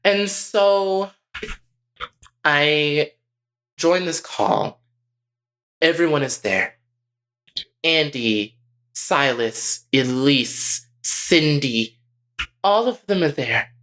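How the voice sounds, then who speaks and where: A young man co-hosting a podcast, telling a personal story in a candid, profane, animated way. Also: fairly high pitch, drawn-out words, pauses often. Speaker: podcast co-host.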